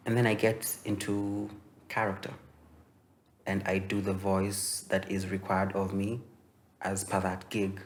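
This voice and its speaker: A young man from Kenya teaching voice-over in a relaxed, explanatory way, with many fillers and restarts. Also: low voice, unhurried, a little hiss or hum. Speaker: voice-over coach. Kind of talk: instructional masterclass.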